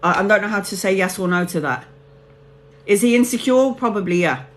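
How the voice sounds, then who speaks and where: A woman's voice: mid-range voice, lively intonation, a little fast. A woman hosting a live tarot reading, chatting casually with viewers and calling them honey and babes.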